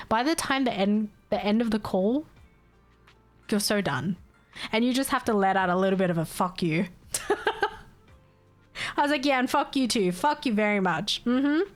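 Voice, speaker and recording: A woman streamer telling a story to her chat in a casual way, exasperated, swearing freely and laughing often. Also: mid-range voice.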